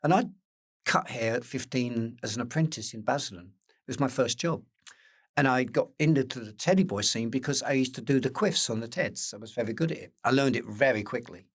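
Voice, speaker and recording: An older man with an Essex accent spins stories in a relaxed interview. His voice sits at an ordinary middle pitch, and he keeps acting out what other people said, with the odd swear word thrown in. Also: a little fast, slightly rough. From England. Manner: animated anecdotes with acted-out quotes, occasional swearing. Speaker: interview guest. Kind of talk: casual storytelling interview.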